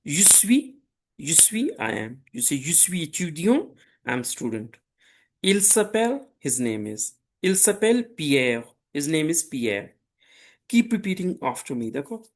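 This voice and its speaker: Speaking patiently and deliberately, a Pakistani man leads a slow beginner French lesson with repetition drills, offering phrases and their English meanings to repeat. His voice is a little high and very animated.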